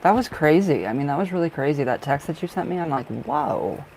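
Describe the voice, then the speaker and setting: A man reading tarot on a live stream, chatting in a relaxed, effusive way and greeting viewers as they arrive. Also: fairly high pitch, fast talker, noisy background. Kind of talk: casual live-stream chat.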